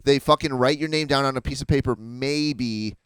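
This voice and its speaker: A man's voice: medium pitch, a bit bright, clear, resonant tone, dry recording. A man co-hosting a casual podcast chat, talking bluntly with swearing and teasing. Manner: blunt, swears, quick to laugh and tease. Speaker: podcast co-host.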